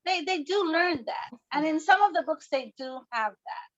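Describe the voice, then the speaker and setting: A woman's voice: sits high, expressive, normal speed, a bit bright, no echo, lo-fi sound. A woman who teaches at a private school, speaking up conversationally in an online meeting over a video call. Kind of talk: participant sharing in an online meeting.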